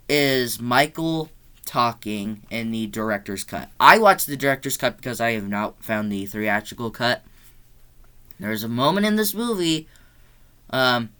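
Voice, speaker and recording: Bright, clear-voiced man ranting about movies. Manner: blunt, animated ranting with rising pitch when exasperated; loose, rambling delivery with restarts. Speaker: movie reviewer. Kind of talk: casual movie review vlog.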